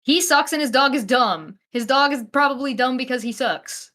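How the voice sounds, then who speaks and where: A woman co-hosting a casual stream, trading quick jokes and banter. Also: high voice, fairly bright tone. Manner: joking, quick banter with frequent laughter. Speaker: co-host guest. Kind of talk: casual chat.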